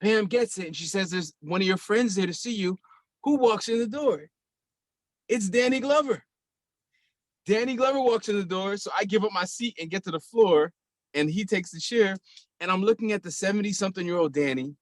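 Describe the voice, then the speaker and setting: A man telling a personal story on a video call in a lively way, laughing often and restarting phrases. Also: high voice, moderate pace, no echo. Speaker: guest sharing memories.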